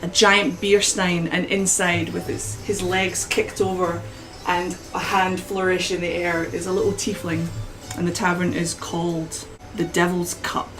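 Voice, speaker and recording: Female game master, low voice, descriptive, unhurried, restarts. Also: flat delivery, poor audio. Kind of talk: narrating a tabletop game.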